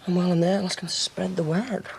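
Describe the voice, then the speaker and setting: A cocky young ex-con with a gravelly voice. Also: male voice, sits high, steady tone, a little fast, background noise. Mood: scheming. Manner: boastful swaggering storyteller, chuckling. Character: cocky young male ex-con bragging about violence. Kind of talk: TV soap drama.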